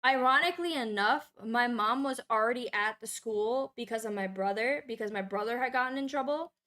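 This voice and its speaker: A young adult woman streamer telling a long personal story in casual, profane, animated chat. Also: on the high side, a little fast.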